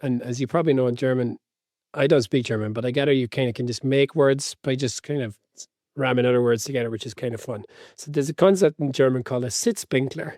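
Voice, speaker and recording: A man's voice: medium pitch, quick pace, a little mellow, no echo, clean studio sound. A man co-hosting a football book podcast, chatty and rambling, amused by his own tangents. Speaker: podcast co-host. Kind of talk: casual chat.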